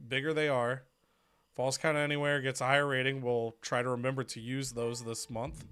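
A man's voice: medium pitch, level tone, normal speed, a bit bright, slight background noise. A man casually talking through his moves in a wrestling management game, chatty and joking at his own expense. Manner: chatty, jokey, self-mocking. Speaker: player and show host. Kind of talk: casual gaming commentary.

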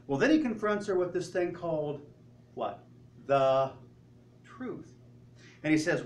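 A man's voice: fairly high pitch, sing-song, measured pace, long pauses, slight background noise. A male pastor preaching a sermon, telling stories animatedly and asking rhetorical questions. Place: church sanctuary. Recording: roomy, distant church sound with faint ambience.

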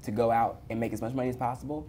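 A man's voice: medium pitch, fairly even intonation, rapid-fire, warm tone, a little hiss or hum. A man, a former pastor turned entrepreneur, talking as an interview guest in an emphatic, preacherly way with churchy affirmations. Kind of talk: casual interview chat.

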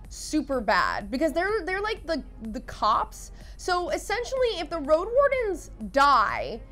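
A young woman with a notably high voice tells a story in a casual, animated way. She giggles easily and races through the details. Faint music runs underneath. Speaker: vlogger.

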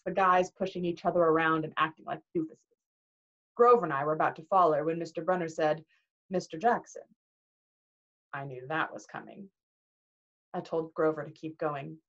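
A teacher reading a novel aloud to a class in an expressive, animated way. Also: female voice, fairly low pitch, brisk. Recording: dull lo-fi recording.

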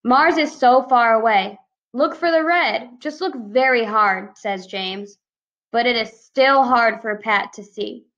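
A woman teaching first graders, speaking in a slow, clear and deliberate way as she reads aloud and goes over sight words. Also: fairly high pitch, a bit bright. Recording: slightly dull lo-fi recording.

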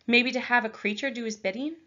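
A woman's voice: a little high, fairly even intonation, fast, sharp tone, muffled recording, voice pushed up. Scornful, guarded clan girl, read by a woman; cool and clipped. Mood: grim.

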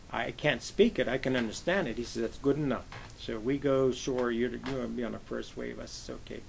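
A man's voice: mid-range voice, creaky, slight background noise, poor audio. An older man from western Pennsylvania, a navy veteran telling long rambling anecdotes in an oral history interview, full of "uh" and "I says". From western Pennsylvania, USA.

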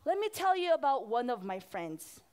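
High-voiced woman pastor talking to kids. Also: normal speed, smooth. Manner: animated, asks the children questions. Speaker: children's pastor. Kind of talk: children's sermon.

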